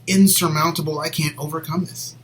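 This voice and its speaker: A man co-hosting a Christian show, sharing a personal faith story in an earnest, rambling way and sometimes dropping to a soft near whisper. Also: fairly high pitch, steady tone, brisk, a little hiss or hum, poor audio. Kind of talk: personal faith testimony, casual chat.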